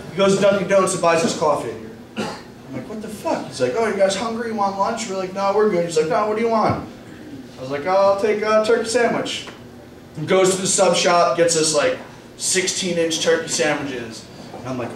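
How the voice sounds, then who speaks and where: A man performs a profane stand-up set in a club bar, his voice a touch higher than most men's. He tells crude stories and acts out the lines of the people in them. The sound is echoey and picked up from a distance, with club noise clearly heard behind him. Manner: profane storytelling, acting out quoted lines. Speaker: stand-up comedian.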